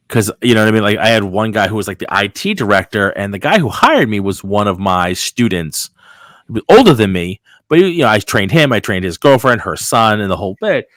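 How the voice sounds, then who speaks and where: A man hosting a podcast, telling a story in casual chat, animated and full of fillers and swearing. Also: fairly low pitch, dry recording. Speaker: podcast host.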